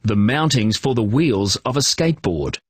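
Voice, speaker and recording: A man narrating a children's reading program, giving clear, encouraging instructions and praise. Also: mid-range voice, expressive, normal speed, no room sound, clean studio sound.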